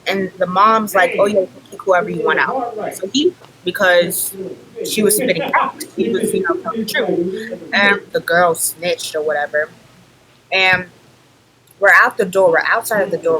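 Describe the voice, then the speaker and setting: A young woman telling a party story in casual chat, acting out what people said in an animated way. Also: medium pitch, low-quality recording.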